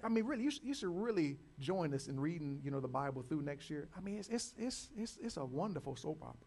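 A male pastor preaching a sermon, swinging from loud declarations to quiet, drawn-out lines and calling the congregation to repeat phrases after him. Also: a little high, big pitch swings. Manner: repeats and restarts words.

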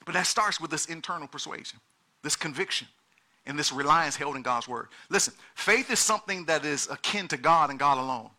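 A male pastor preaching a sermon, swinging from quiet, low passages to shouted peaks and urging the congregation on with repeated exhortations. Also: a little fast.

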